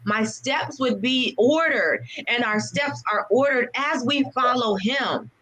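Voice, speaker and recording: A woman's voice: fairly high pitch, slow, fairly bright tone, poor audio. A woman, a veteran, telling her story of faith and service in an earnest, heartfelt way during an interview. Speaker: guest, veteran and nonprofit founder. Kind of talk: personal testimony in an interview.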